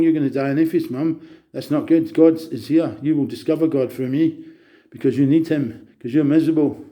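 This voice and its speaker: A man's voice: on the high side, fairly even intonation, brisk, warm tone. A man, talking in a rambling, manic monologue that jumps between topics and turns preachy. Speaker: vlogger.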